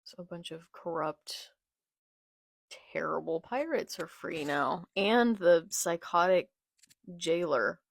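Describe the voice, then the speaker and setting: A woman's voice: lowish voice, animated, slow pace, vocal fry. A young woman reacting live as she reads a manga, murmuring along and bursting into anguished outbursts. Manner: emotional, swings from murmured reading to anguished outbursts.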